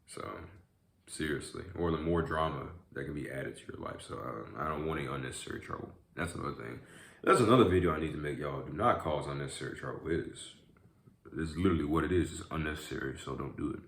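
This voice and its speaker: Young guy, deep low voice, laid back rambly chat, lots of "y'all", echoey room. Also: fast talker, creaky. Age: young adult. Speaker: YouTube vlogger. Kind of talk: casual mukbang chat.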